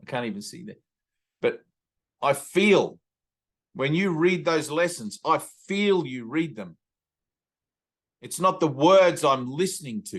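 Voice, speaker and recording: A man's voice: fairly high pitch, expressive, unhurried, pauses often. A man, a spiritual teacher giving a satsang talk over a video call, telling rambling stories and slipping into playful voices. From Australia.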